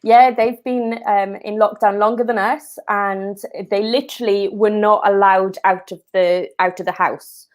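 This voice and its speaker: A woman stylist as a guest in a casual chat, easygoing and quick to giggle. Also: mid-range voice, fairly even intonation.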